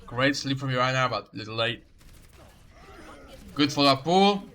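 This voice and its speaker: Bright-voiced man coaching a game replay. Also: medium pitch, animated, a little slow. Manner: instructive, repeats key advice. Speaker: game coach reviewing a match. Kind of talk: coaching commentary over gameplay.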